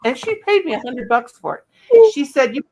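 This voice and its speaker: A woman's voice: sits high, big pitch swings, normal speed, mellow, low-quality recording. A woman hosting a casual livestream, chatty and folksy, greeting viewers by name. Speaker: livestream host.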